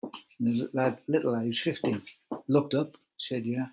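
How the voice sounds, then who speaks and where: A man's voice: mid-range voice, fairly even intonation, normal speed, gravelly, noisy background. An older man, a veteran cycling commentator, telling a long anecdote in a chatty way on a video call and acting out the quoted lines. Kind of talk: relaxed anecdotal storytelling.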